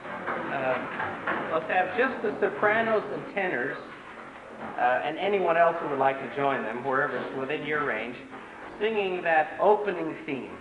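A man's voice: on the high side, animated, a little slow, reverberant, narrow, tinny audio, noisy background. A man conducting a choir rehearsal, teaching in an earnest, emphatic way with many fillers.

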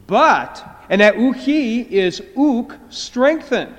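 A middle-aged man teaching a Greek class, explaining slowly and drawing out words. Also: very high-pitched, big pitch swings. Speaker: Greek professor. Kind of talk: classroom lecture. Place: lecture hall. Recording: hall reverb.

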